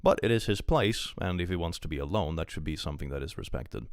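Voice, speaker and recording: A man's voice: low voice, expressive, fast, dry recording, clean studio sound. A young man reading online posts aloud on a live stream and ranting about them, swearing freely. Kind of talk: casual live-stream commentary.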